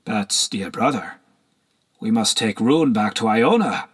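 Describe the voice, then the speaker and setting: A man doing a gentle, cautious monk. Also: on the low side, flat delivery, breathy edge, heavily acted. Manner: gentle, measured.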